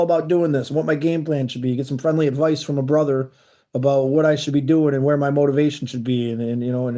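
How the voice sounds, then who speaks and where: Guy on a live stream, kinda high voice, rambly and earnest, chatting with viewers. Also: dark tone. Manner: rambling and earnest, reads chat messages aloud. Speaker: livestream host. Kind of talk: casual live-stream chat.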